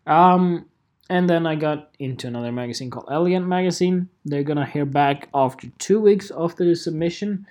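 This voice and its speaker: A photographer vlogging in a casual rant, animated and profane, repeating phrases and laughing often. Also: medium pitch, fairly quick. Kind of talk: casual ranting vlog.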